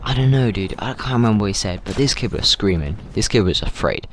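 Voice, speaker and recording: Deep-voiced rambling man telling a story. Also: expressive, quick pace, slight background noise. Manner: rambling, repeats words, says dude a lot. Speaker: gaming channel host. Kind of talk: casual storytelling while gaming.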